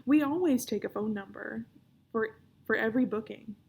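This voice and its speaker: A woman voicing a sharp-eyed, no-nonsense girl at a hotel front desk in a storybook reading, teasing and firm. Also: on the high side, normal speed, gravelly, slightly rough.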